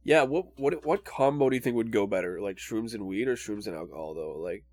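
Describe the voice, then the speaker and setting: A man's voice: lowish voice, animated, fairly quick, a little mellow, dry recording. A man in casual podcast chat with friends, laid-back and peppering his talk with "bro".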